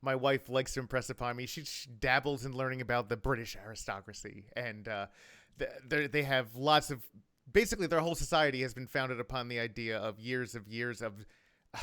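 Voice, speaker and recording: A man's voice: medium pitch, fairly quick, a bit bright. A man co-hosting a podcast, chatting casually and laughing often. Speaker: podcast co-host. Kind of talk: casual chat.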